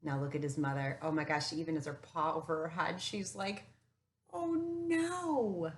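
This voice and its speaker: A woman reading a children's storybook aloud and stopping to ask the listener questions in an animated way. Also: deep voice, fast talker. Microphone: camera mic.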